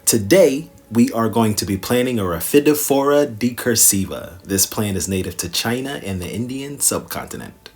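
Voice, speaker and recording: An upbeat, welcoming voice reads a short scripted channel intro. The delivery is measured and even. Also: mid-range voice. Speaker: intro narrator.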